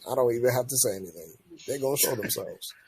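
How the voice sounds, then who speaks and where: A man's voice: medium pitch, expressive, fast, darkish tone. A man hosting a casual podcast, gleeful, slangy and laughing as he talks. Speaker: podcast host. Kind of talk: casual chat.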